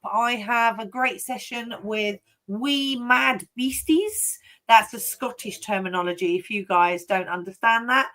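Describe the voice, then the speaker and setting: A woman's voice: a little high, sharp tone. A woman hosting a casual online panel chat, friendly and chatty. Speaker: host.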